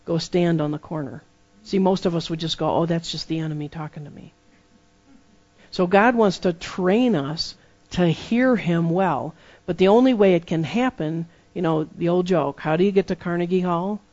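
A preacher giving a sermon full of personal testimony, telling the stories lively and acting out the dialogue. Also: mid-range voice, moderate pace, lo-fi sound. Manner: lively storytelling that acts out dialogue.

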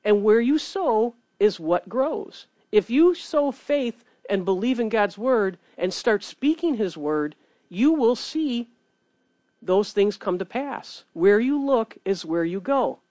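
Woman preacher, earnest, animated, dry close sound, mid pitch. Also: takes it slowly, no room sound. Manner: earnest, animated preaching with scripture reading and acted quotes. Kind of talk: sermon.

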